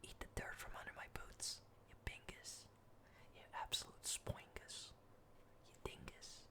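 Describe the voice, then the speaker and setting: A menacing male emperor hisses playfully cruel threats in a close, breathy whispered role-play, as a man puts him on. Each threat comes soft and unvoiced, near silent, teasing rather than truly angry. The tone is domineering and mocking, more game than danger. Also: a little slow.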